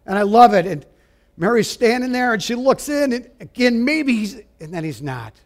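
A man preaching a sermon, emphatic, asking his listeners direct questions and dropping to a hush at times. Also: very high voice, sing-song, normal speed. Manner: emphatic, rising and falling, drops to a hush for quoted lines; asks the audience direct questions.

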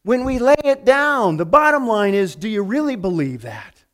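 A man's voice: high-pitched, big pitch swings, normal speed, fairly bright tone. A male pastor giving a conversational sermon, telling stories and acting out the voices of people in them. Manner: storytelling, acting out quoted voices.

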